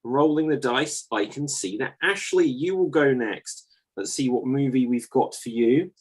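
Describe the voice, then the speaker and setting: A man hosting an improv show, announcing in a measured way and drawing out his cues. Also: mid-range voice, expressive, breathy edge. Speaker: host.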